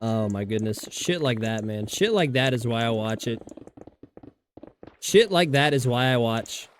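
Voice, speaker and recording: A man's voice: mid-range voice, lively intonation, a little slow, background noise. A man livestreaming a survival game, chatting casually in a rambling, profane way and laughing often. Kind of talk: casual gaming stream chat.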